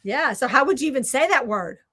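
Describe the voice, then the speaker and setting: A Southern American woman hosting, chatting casually and rambling while she crafts, quick to poke fun at herself. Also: sits high, expressive, fairly bright tone. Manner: chatty, rambling, self-deprecating. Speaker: host.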